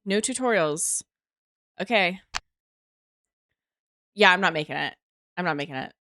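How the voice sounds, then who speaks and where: Slow-talking, low-voiced woman streamer. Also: lively intonation, sharp tone, no echo, studio quality. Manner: chatty, swears freely, talks to herself while playing. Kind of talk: casual live-stream chat.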